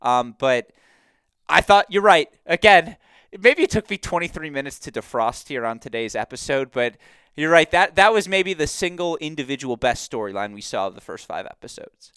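A man hosting a podcast in a casual sports-analysis chat, talking in an animated, emphatic way and laughing easily. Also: a little high, moderate pace, clear, resonant tone, dry recording, clean studio sound. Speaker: podcast host.

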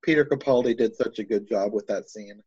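A man's voice: on the low side, fairly quick, darkish tone, husky, no echo. A man in casual chat, enthusiastic and rambling, thinking aloud as he talks. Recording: dull lo-fi dry sound.

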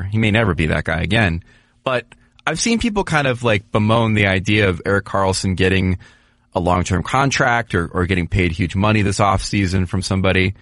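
A man co-hosting a sports podcast, talking casually and at length with lots of restarts and animated asides. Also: low voice, dry recording, clean studio sound. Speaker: podcast co-host, hockey writer.

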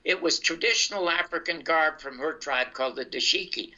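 An older comedian tells his life story in a casual, animated way, acting out dialogue as he goes. His voice is very bright and fairly high, and he speaks briskly. The recording is dull and lo-fi.

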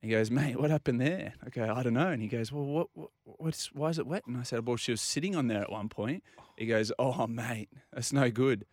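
An Australian man telling a long, animated anecdote on a casual talk show and acting out the other people's lines. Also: medium pitch, a little fast, no room sound, clean studio sound. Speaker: regular guest. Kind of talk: casual storytelling.

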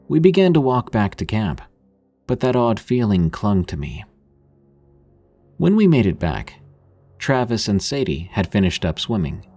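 Husky deep-voiced man narrating horror. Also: warm tone. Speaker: story narrator. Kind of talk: scripted horror story narration.

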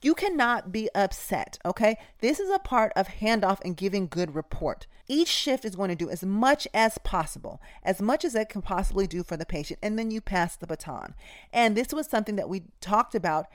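A woman's voice: medium pitch, sing-song, normal speed, dry recording, clean studio sound. A woman nurse hosting a podcast, telling work stories in a direct, emphatic, casual way and speaking straight to her listeners. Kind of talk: casual instructive storytelling.

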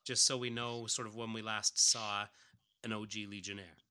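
A man's voice: fairly low pitch, level tone, normal speed, sharp tone, smooth. A man co-hosting a podcast about comics, adding dry, wry asides in casual chat. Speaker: podcast co-host.

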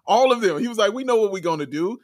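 A man co-hosting a casual sports talk show, excitable, laughing often and raising his voice when thrilled. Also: sits high, fast, dry recording, clean studio sound. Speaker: podcast co-host.

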